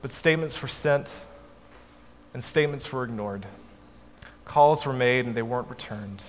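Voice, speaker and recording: Man telling a story in an echoey hall. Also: medium pitch. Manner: measured, dropping softly at line ends. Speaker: speaker telling a family story. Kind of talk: storytelling talk to an audience. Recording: echoey hall, faint background noise.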